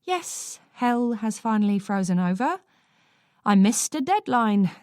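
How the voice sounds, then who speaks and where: A woman reading a first-person thriller audiobook in a measured, dry storytelling manner. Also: medium pitch, animated, a little mellow, no echo. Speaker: audiobook narrator.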